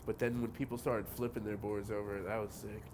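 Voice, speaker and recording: A man's voice: fairly low pitch, brisk, a little hiss or hum. Laid-back swearing New skater man. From New Jersey. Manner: laid-back, swears a lot, animated when telling stories. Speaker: interviewee, pro skateboarder. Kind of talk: casual interview.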